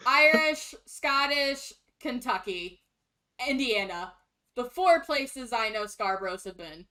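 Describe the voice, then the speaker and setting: A young woman co-hosting a podcast in casual chat, animated and blunt, laughing often. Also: on the high side, takes it slowly. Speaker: podcast co-host.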